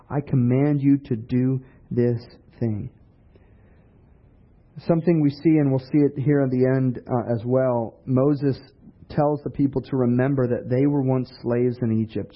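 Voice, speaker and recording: A man preaching a sermon in a conversational way, asking rhetorical questions. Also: medium pitch. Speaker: pastor. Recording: dull lo-fi recording.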